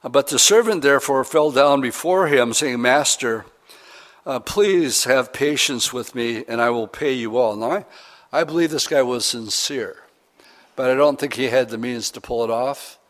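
Male pastor, mid-pitched, preaching an earnest, chatty sermon with sudden emphatic lifts. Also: normal speed, fairly bright tone.

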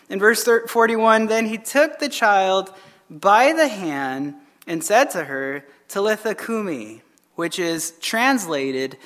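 Pastor reading scripture in a reverberant hall. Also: male voice, high-pitched, a bit bright. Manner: reads scripture aloud, then comments conversationally. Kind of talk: Bible study reading and commentary.

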